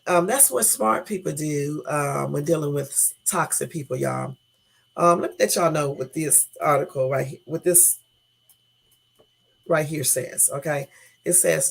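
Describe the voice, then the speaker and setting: A livestream host with a gravelly, husky voice reads an article aloud haltingly and stops to fix its mistakes. Between passages the host talks in a blunt, casual way, speaking straight to viewers and filling pauses with "y'all" and "you know what I'm saying.". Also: medium pitch. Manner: reads haltingly, stopping to correct typos. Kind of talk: reading an article aloud and commenting, casual chat.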